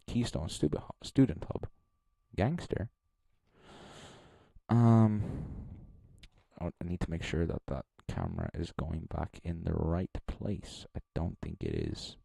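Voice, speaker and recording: A man's voice: low voice, gravelly, mellow, no room sound. Young man rambling on a live stream. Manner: rambling, thinking aloud, self-deprecating. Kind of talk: casual live-stream commentary.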